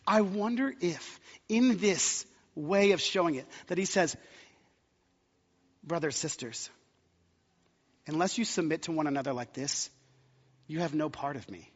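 A man's voice: on the high side, measured pace, pauses often. A man preaching a sermon, impassioned and building to emphatic climaxes. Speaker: pastor. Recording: muffled sound with long hall reverb.

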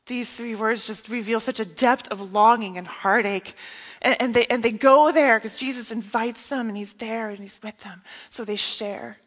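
A woman preaching a sermon in an earnest, intimate way, often dropping to a hush. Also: mid-range voice, measured pace. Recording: long reverb of a hall.

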